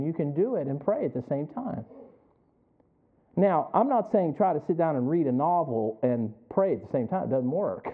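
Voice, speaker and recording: Middle-aged guy preaching, kinda high voice, chatty, chuckles a lot, asks the church to answer back, tinny phone-like audio. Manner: conversational, chuckling, asks the congregation for responses. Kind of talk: sermon.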